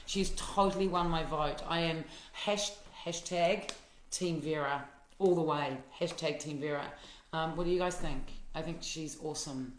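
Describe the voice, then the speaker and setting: A woman's voice: sits low, normal speed, roomy sound, slight background noise. A woman with a New Zealand accent chatting playfully on a live stream. She reads viewer comments aloud, laughs often and uses many fillers and restarts. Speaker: actress hosting a live fan Q&A. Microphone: phone or laptop mic on a live stream.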